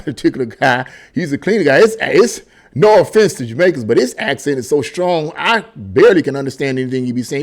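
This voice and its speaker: A middle-aged man delivering an opinion monologue straight to his viewers. His voice sits a little higher than most men's. He talks emphatically and rambles, stumbling over restarts and repeated words as he works toward each point. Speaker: political commentary vlogger.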